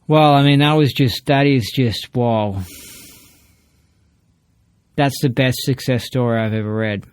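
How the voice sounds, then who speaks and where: Aussie bloke ranting on a podcast, swears a lot, mid pitch, dry close sound. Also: male voice, steady tone, measured pace, a little mellow, clear, resonant tone, dry recording. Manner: emphatic, profane, ranting. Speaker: podcast speaker. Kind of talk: casual ranting monologue.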